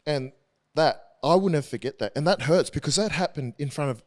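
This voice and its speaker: A man in his thirties, a rugby league player, talking candidly as a podcast guest in an earnest, halting way with frequent restarts. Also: a little high, lively intonation.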